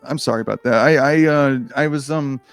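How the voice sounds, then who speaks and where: A man's voice: mid-range voice, fairly quick, clear, resonant tone, dry recording, faint music behind. A man reading a choose-your-own-adventure book aloud in a casual, comedic way, with rambling, self-deprecating asides and frequent swearing.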